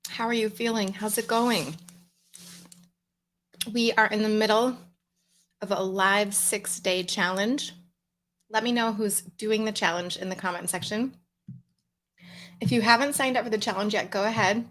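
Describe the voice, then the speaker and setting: A woman hosting a live coaching challenge, greeting viewers by name in a relaxed, upbeat casual chat. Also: mid-range voice, measured pace, long pauses. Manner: relaxed, chewing mints between words. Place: home room with a fan, livestream.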